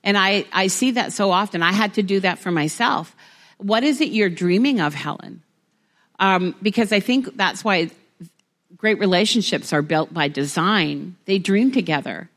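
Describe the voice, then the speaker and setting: A woman's voice: medium pitch, expressive, normal speed, a bit bright. A woman pastor preaching to a congregation, talking plainly and rising to emphatic exhortation. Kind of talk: sermon. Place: church hall before a congregation.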